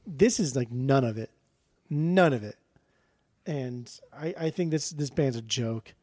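A man's voice: medium pitch, expressive, measured pace, a little mellow, no echo. A man co-hosting a podcast, giving a blunt, profane and rambling review of an album in casual chat. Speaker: podcast co-host.

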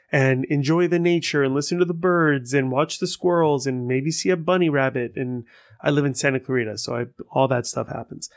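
A man hosting a casual solo podcast, rambling and swearing as he tells stories in an animated way. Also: medium pitch. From Persian heritage. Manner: rambling, profane, animated storytelling. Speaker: podcast host.

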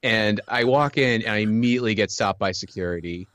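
A man's voice: lowish voice, brisk, fairly bright tone, no room sound. A man chatting casually, telling stories with lots of filler words and laughs. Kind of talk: casual chat.

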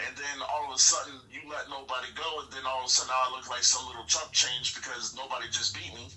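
A man's voice: medium pitch, steady tone, fairly quick, hardly any pauses, pushed and bright, recorded from a distance, rough recording. A man ranting bluntly and profanely in a heated casual opinion talk as a podcast co-host. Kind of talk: heated wrestling opinion rant.

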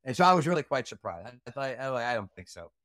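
A man's voice: medium pitch, sing-song, fast, fairly bright tone, dry recording, clean studio sound. A man recounting a night from his Army days as an interview guest, blunt, profane and heated. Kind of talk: casual storytelling interview.

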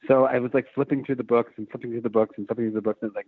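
A man's voice: medium pitch, fairly even intonation, racing, breathy edge, dry recording. A man telling a long story in casual chat, swearing freely and rambling with fillers and restarts. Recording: phone-like narrow band.

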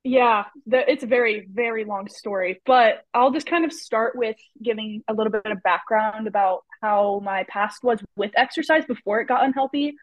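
A woman's voice: on the high side, moderate pace, few pauses, no room sound. A young woman speaking as a podcast guest. She talks openly and chattily, with lots of "like" and "you know". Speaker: guest, personal trainer. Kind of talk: casual podcast chat. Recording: dull lo-fi, very dry sound.

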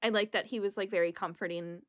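A woman's voice: mid-range voice, steady tone, fast talker. A young woman co-hosting a casual podcast, swearing freely and acting out quotes. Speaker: podcast co-host. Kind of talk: casual chat recapping a reality show.

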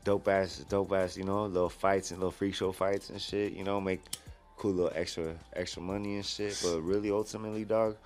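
A young guest. He speaks in a relaxed way, thick with street slang, over a faint bed of music. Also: deep voice, a little fast. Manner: laid-back, heavy street slang. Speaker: guest fighter. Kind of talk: casual interview chat.

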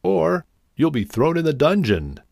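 A man's voice: on the high side, big pitch swings, unhurried, gravelly, a little mellow, no room sound, clean studio sound, voice pushed up, full character voice. A man voicing a demanding king in a storybook reading, with a commanding manner.

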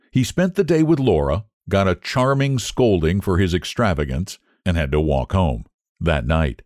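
A man narrating a story in a measured, expressive storytelling manner. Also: low-pitched, dry recording, studio quality. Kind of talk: audiobook narration.

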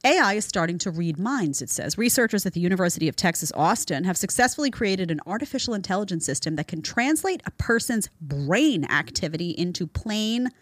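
A woman podcast host delivers opinionated commentary in a sarcastic, exasperated tone. Her pitch swings up and down with a lot of life, and the sound is close and dry, with no room echo. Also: sing-song, fairly quick, hardly any pauses. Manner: reads article excerpts aloud with scornful asides.

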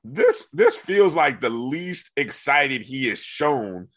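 A man's voice: mid-range voice, huge pitch swings, slow, a bit bright. A man hosting a casual sports talk show, asking his co-host questions and chatting about the team. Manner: conversational, asks questions, many fillers and restarts.

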